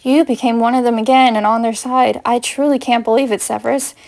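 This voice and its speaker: A woman's voice: a little high, fairly even intonation, brisk, creaky, a little mellow. A woman reading the heated, accusing lines of an angry young witch confronting her boyfriend, as she reads fanfiction aloud.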